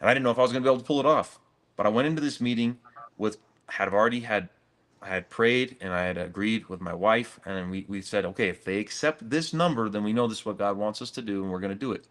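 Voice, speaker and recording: A man's voice: on the low side, fast talker, fairly bright tone. A middle-aged man, a gym owner, telling a story earnestly in a casual interview, saying "dude" and "man".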